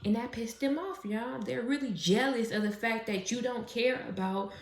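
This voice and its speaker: A woman's voice: a little high, normal speed. A woman doing a casual tarot reading, chatty and profane, who laughs often as she talks. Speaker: tarot reader. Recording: roomy echo.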